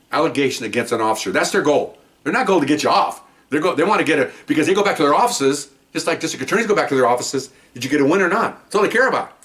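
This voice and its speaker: An older man who is a retired police officer, casually telling a story to the camera and acting out what people said. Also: fairly high pitch. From Mexican-American background. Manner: animated, acts out quotes, frequent "okay?" asides.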